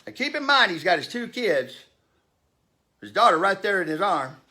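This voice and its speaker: Man in his fifties, blunt and profane, ranting with a lively, swinging voice in a fairly high register. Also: normal speed. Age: 50s. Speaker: vlogger. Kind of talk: heated storytelling rant.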